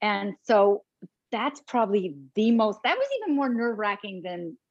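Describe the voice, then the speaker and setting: A woman actress chats as a guest, spinning animated stories and slipping into the voices of the people she quotes. Her voice is husky and breathy. The recording is dry and a touch dull. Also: medium pitch, normal speed, no room sound. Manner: animated, acts out quotes of others. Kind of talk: casual anecdotal storytelling.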